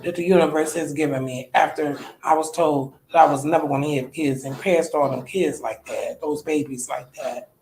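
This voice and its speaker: A woman's voice: deep voice, fairly even intonation, normal speed, few pauses, a little mellow, reverberant, rough recording. A woman in her thirties, a podcast host, talking candidly in a personal monologue, colloquial, often trailing off and restarting. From United States.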